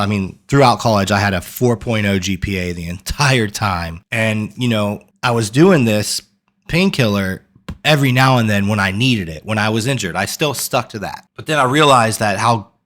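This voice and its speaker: A man with a fairly low voice speaks straight to the camera about his own past. He talks earnestly and rambles, circling back and repeating phrases to drive the point home. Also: a bit bright. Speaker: coach. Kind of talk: candid personal story to camera.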